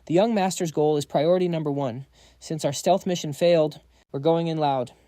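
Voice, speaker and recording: A man's voice: on the high side, fairly even intonation, normal speed, mellow, no echo, clean studio sound, natural voice. A man voicing a cold, commanding woman strategist.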